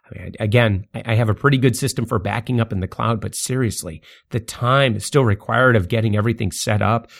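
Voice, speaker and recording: Animated man telling a story. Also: lowish voice, a little fast, gravelly, few pauses. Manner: animated, laughing, voice jumps up when excited. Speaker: podcast host. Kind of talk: casual storytelling.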